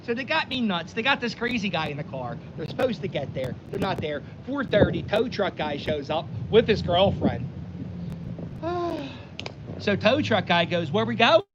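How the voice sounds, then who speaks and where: Wind noise and dull sound quality frame a vlogger with a high voice speaking at normal speed. He tells his story outdoors on a blustery day, lively and self-mocking, rambling with many false starts.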